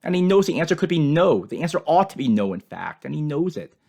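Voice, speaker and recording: A man giving an earnest, measured scripture commentary as a Bible teacher, in short emphatic phrases. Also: fairly high pitch, sing-song, gravelly, a little mellow.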